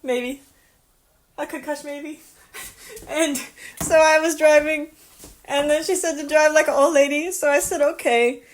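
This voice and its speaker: A woman's voice: high-pitched, steady tone, unhurried, pauses often. A young woman vlogging casually, rambling through a story, swearing a lot and laughing often.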